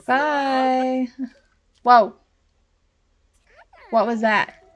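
A young woman giving casual gameplay commentary as a let's play host, talking straight to the characters on screen and getting exasperated with them. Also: high-pitched. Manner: talks to the game characters, easily exasperated.

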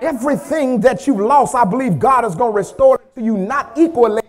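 A pastor preaches a sermon in a church sanctuary, urging the congregation to repeat after him as he swings from hushed, low talk to loud shouted peaks. He speaks a little fast, with faint music behind him.

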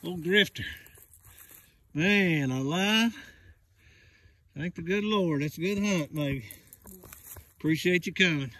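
An older man calls out to a hound and his granddaughter on a hunt in the woods, folksy and excited, filmed on a handheld camera. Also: a little high, takes it slowly, pauses often. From West Virginia. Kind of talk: casual outdoor chat. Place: woods outdoors at night. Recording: noisy outdoors with barking dogs.

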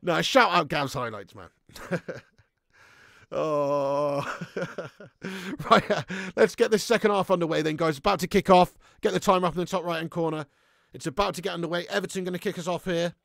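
A young man hosting a live football watch-along, chatting with viewers in a laddish, sweary way and breaking into shouts at big moments. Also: on the high side, moderate pace, gravelly, pauses often, no echo, studio quality. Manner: laddish banter, swears freely, reads chat aloud, bursts into shouts. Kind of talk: live stream chat and commentary.

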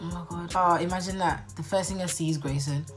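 A woman's voice: on the low side, fairly even intonation, fast talker, soft background music. A young woman chatting casually to her phone camera in her bedroom, giggling often and drawing out her exclamations. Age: young adult. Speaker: vlogger. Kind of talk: casual vlog chat.

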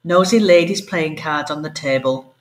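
A woman teacher reading a story aloud to her pupils, expressive and animated. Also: deep voice, normal speed. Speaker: primary school teacher. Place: home.

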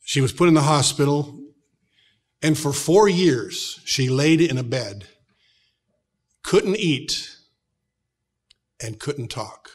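A middle-aged man with an American accent, preaching a sermon as a pastor, telling stories and dropping from loud to hushed tones. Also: on the high side, expressive, slow, pauses often. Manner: storytelling, shifts from loud to hushed.

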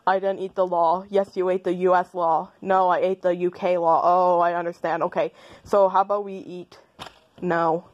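A woman's voice: fairly low pitch, lo-fi sound. A woman rambling through a playful, silly stream of consciousness, arguing back and forth with herself and giggling.

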